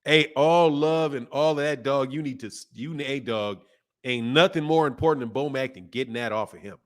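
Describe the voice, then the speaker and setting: A man's voice: mid-range voice, normal speed. A man in his fifties hosting a boxing channel, talking in loose slangy live-stream chat and laughing often. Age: 50s.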